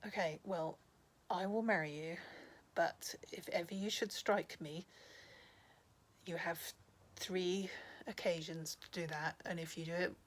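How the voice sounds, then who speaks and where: A fairy wife risen from a lake, read by a woman in her own voice, speaking calmly and matter-of-factly. Her tone sits a little low and stays even as she lays out her terms. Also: measured pace.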